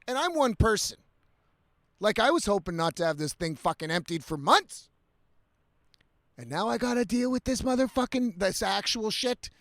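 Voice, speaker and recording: A man's voice: sits high, lively intonation, normal speed, vocal fry, dry recording. A man ranting profanely in a casual vlog, slightly intoxicated, breaking into laughs. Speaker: vlogger.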